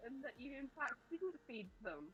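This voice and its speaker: A woman's voice: high-pitched, sing-song, moderate pace, bright, forceful tone, lo-fi sound. A woman in casual chat while drawing, laid-back and swearing offhandedly. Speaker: artist co-host.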